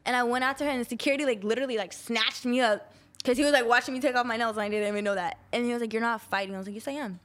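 Animated young woman telling a wild story. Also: a little high, very fast. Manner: animated, crude, acts out quoted voices. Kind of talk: casual storytelling chat.

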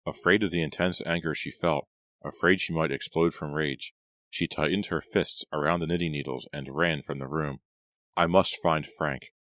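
A man narrating an audiobook in a measured, even storytelling manner. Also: very deep voice, no echo, clean studio sound. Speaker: audiobook reader.

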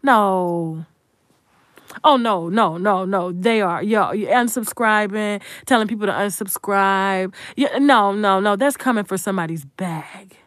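A woman's voice: medium pitch, unhurried, fairly bright tone, dry recording, clean studio sound. A young adult woman content creator giving a blunt, profane, emphatic commentary rant.

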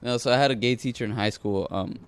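A young man co-hosting a podcast in casual chat, laid-back and quick to laugh. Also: mid-range voice, clear, resonant tone. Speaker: podcast co-host.

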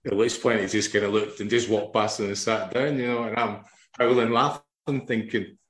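Deep-voiced man telling stories in an echoey room. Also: fairly even intonation, moderate pace, a little hiss or hum. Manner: rambling, laughs while telling. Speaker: podcast host. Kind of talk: casual storytelling.

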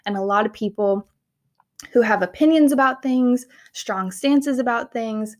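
A woman's voice: on the high side, unhurried, a little mellow. A young adult woman hosting a casual faith-based podcast, talking in an earnest, heartfelt and conversational way. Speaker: podcast host.

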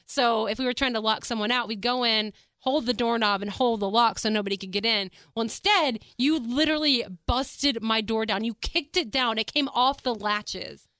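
Bright, playful young woman host. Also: fairly high pitch, normal speed, few pauses, dry recording, clean studio sound. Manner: playful, teasing, laughs often. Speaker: podcast host. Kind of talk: casual chat.

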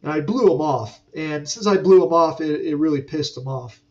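A man with a fairly high voice tells an off-the-cuff work story, cursing freely and drifting into asides. He sounds a little distant from the mic. The recording has a dull, muffled tone. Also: normal speed. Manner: rambling and profane, with frequent fillers and asides. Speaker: aircraft mechanic podcast host. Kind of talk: casual storytelling monologue.

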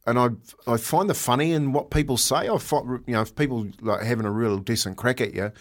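A man's voice: medium pitch, brisk. A man co-hosting a casual sports radio show, rambling and stop-start, with frequent laughter. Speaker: radio co-host.

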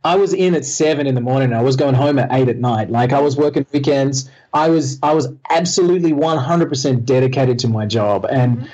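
An Australian entrepreneur, guesting in a casual interview, tells his story candidly with self-deprecating humor and many restarts. His medium-pitched, darkish voice moves a little fast with hardly any pauses, on slightly muffled lo-fi audio.

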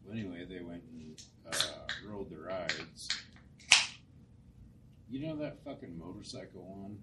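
A man's voice: sits low, unhurried, recorded from a distance. A middle-aged man co-hosting a podcast, telling rambling, profane anecdotes in casual chat. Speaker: podcast co-host. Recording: noisy, off-mic.

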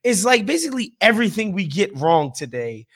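A high-pitched man holds forth on a podcast, animated and emphatic. He swears freely and keeps a loose, conversational rhythm. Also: brisk. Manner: profane, emphatic, animated ranting. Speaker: podcast co-host. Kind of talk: casual podcast chat.

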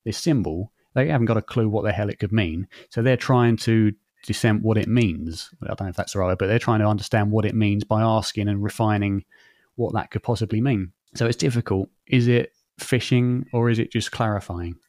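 A man's voice: on the low side, a little fast, darkish tone, dry recording, clean studio sound. A man in casual conversation, thinking aloud and hesitating.

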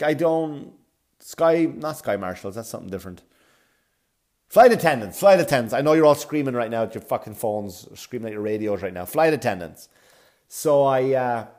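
A middle-aged man telling a long comic story, profane and rambling, with loud outbursts. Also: medium pitch. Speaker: comedian. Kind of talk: storytelling comedy rant.

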